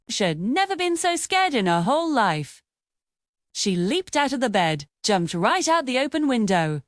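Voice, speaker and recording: A woman reading a bedtime story aloud in a gentle, expressive way. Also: fairly high pitch, no echo, studio quality.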